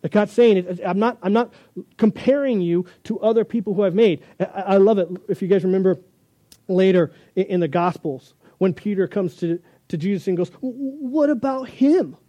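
A man preaching a sermon, reading scripture and acting out the dialogue of biblical figures with animated energy. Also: sits high, fairly quick, no echo, dull audio. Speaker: pastor.

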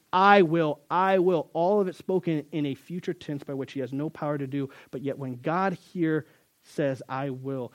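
A man's voice: on the high side, darkish tone, no room sound. Man preaching a casual, emphatic sermon. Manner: conversational and emphatic, addresses listeners as guys. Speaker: pastor.

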